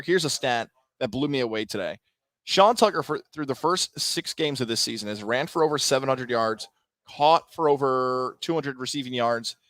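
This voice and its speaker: A man co-hosting a sports radio show, telling stories in a casual, animated way and acting out quotes. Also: mid-range voice, no room sound. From Central New York. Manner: animated storytelling, acts out quotes.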